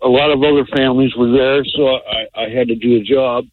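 A man calling a radio show, talking in a halting, heartfelt way full of fillers. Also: medium pitch, fairly even intonation, narrow, tinny audio. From Kentucky. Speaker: caller.

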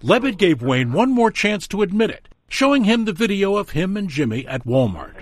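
A man's voice: high-pitched, big pitch swings, moderate pace, dry recording. Dramatic male true-crime narrator. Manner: dramatic, emphatic delivery. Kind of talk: scripted documentary narration. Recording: studio voice-over over music.

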